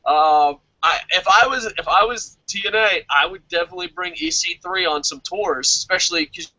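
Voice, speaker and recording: A man co-hosting a wrestling podcast, talking excitedly in casual chat, swearing constantly and laughing often. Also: sits high, normal speed, gravelly, dull audio. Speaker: podcast co-host reviewing a wrestling show. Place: lives in Japan.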